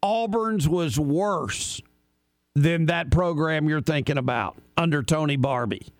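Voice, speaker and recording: A man's voice: fairly high pitch, a little slow, dry recording. A man hosting a sports talk radio show, chatting with an opinionated, storytelling manner. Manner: opinionated storyteller, folksy asides.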